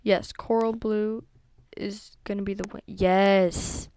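A woman's voice: medium pitch, level tone, slow pace, darkish tone, smooth. A young woman giving chatty gameplay commentary, talking to herself and to her horses with many ums and whispered asides. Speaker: gaming YouTuber.

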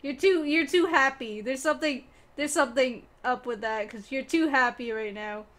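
A woman's voice: high-pitched, moderate pace, fairly bright tone. A young woman streaming a game, chatting playfully with teammates and chat and often breaking into giggles. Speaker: gaming streamer. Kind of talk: casual gameplay commentary.

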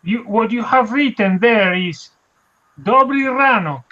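A man's voice: very high voice, animated, measured pace, pushed and bright, lo-fi sound. A man who often stops and repeats words, taking part as student and organizer in an online language lesson. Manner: hesitant, restarts and repeats words.

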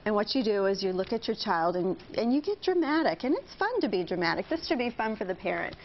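A woman's voice: medium pitch, very animated, fast. A woman guest on a TV talk show, explaining parenting techniques in an upbeat way. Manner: upbeat, explains with acted example phrases. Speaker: parenting workshop instructor. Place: TV studio. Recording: slightly dull TV audio with faint hiss.

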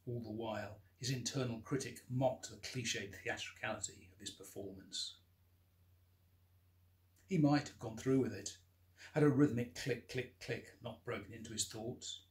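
A male author reads the opening of his novel with an unhurried, expressive delivery that leans into the drama. His voice sits at an everyday middle pitch. It has the feel of a careful storytelling reading. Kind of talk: audiobook-style scripted narration.

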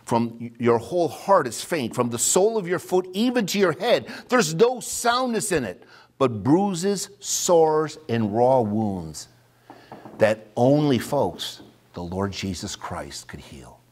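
Male preacher, sermon delivery, animated rising and falling pitch, loud emphatic readings, hushed asides. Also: takes it slowly.

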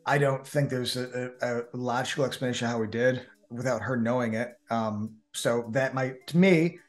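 A man with a New Jersey accent, co-hosting a casual podcast chat in an animated, chatty way with frequent restarts. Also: medium pitch, moderate pace, soft background music. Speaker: co-host.

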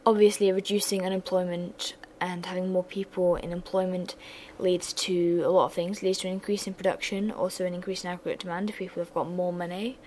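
A woman's voice: fairly low pitch, darkish tone, slight background noise, poor audio. Chatty young woman tutor. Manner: chatty, self-deprecating asides. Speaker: revision tutor. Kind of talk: economics revision lesson.

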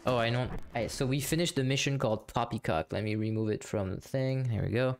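A man's voice: mid-range voice, brisk, slight background noise. A man casually commenting while he plays a game live, chatty and profane, answering his viewers as he goes. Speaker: game streamer. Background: game music and horse hooves.

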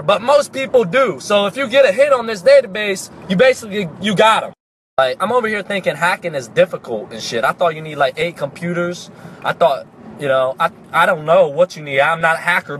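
A young man casually telling a comic story, animated and profane, breaking into sudden shouts. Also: sits high, a little hiss or hum. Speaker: comedic storyteller.

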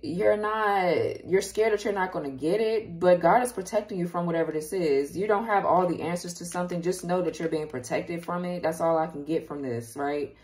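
A woman's voice: on the low side, moderate pace, hardly any pauses, a little mellow. A woman giving a casual tarot reading straight to her viewers, chatty and openly emotional. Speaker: tarot reader.

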